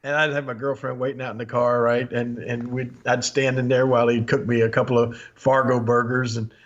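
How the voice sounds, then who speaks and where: Older male podcast host, mid-pitched, rambling anecdotes with frequent laughs, slightly dull lo-fi audio. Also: level tone, brisk. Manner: rambling, laughs often, acts out quotes. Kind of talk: storytelling chat.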